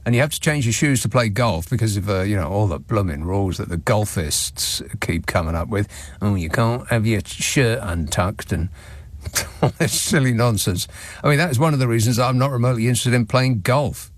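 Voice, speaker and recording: A man's voice: fairly low pitch, a little fast, no room sound. A man hosting a radio show, reading out listener messages with dry, sardonic asides from a studio microphone. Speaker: radio talk show host.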